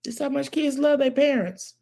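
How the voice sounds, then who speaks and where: A woman's voice: sits high, normal speed, vocal fry. A woman, talking casually to her viewers, preachy and folksy, who keeps calling them baby. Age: 40s. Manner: preachy, animated, folksy, calls listeners baby. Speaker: commentary channel host. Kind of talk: casual commentary with storytelling.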